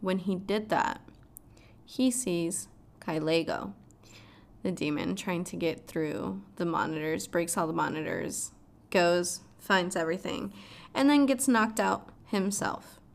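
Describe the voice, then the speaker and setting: A woman's voice: lowish voice, takes it slowly, gravelly. A woman casually recapping a show's plot, swearing freely and adding dramatic asides. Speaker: show recap vlogger.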